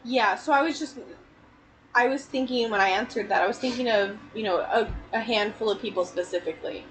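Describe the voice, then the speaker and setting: A woman's voice: fairly high pitch, a little fast, rough recording. A woman co-hosting a casual chat, asking probing follow-up questions. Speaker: podcast co-host.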